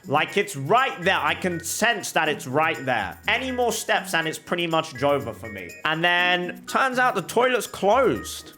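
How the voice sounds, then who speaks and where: A young man chatting while he plays, spinning an embarrassing anecdote with big comic exaggeration. His voice sits a bit high and comes across bright and forceful. Faint music plays underneath. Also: measured pace, hardly any pauses. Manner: animated, exaggerated comic storytelling. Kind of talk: casual storytelling while gaming.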